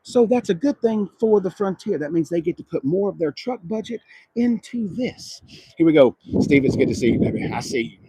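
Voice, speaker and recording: A man with a gravelly, husky voice reviews cars on a dealership lot in a loose, chatty way. He talks excitably, dropping to murmurs and then bursting into shouts. His voice is lively and up and down, and the sound is close and dry. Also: high voice, a little fast, no echo. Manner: loud, excitable, swings between murmurs and shouts. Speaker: car dealership vlogger. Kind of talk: casual walkaround car review.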